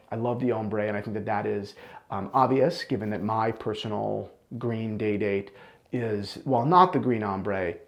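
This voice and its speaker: Animated gravelly-voiced man reviewing watches. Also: fairly low pitch. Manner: animated, blunt and enthusiastic. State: out of breath. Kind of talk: opinionated collection review.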